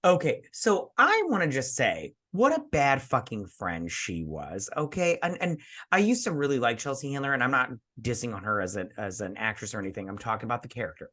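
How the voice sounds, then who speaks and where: A man's voice: mid-range voice, big pitch swings, fairly quick, hardly any pauses, sharp tone. A tipsy man co-hosting a casual movie review chat, blunt, crude and rambling. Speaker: podcast co-host.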